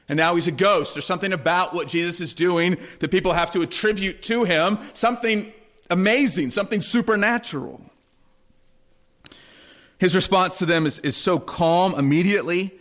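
Male pastor, slightly higher voice, casual teaching sermon, frequent asides to listeners. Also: a bit bright. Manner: conversational, asks the congregation "right?" often.

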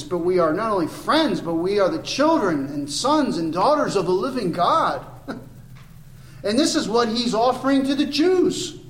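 High-pitched guy preaching in church, earnest, gets emphatic, roomy echo. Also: a bit bright. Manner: earnest, rising to emphatic declarations. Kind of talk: expository sermon.

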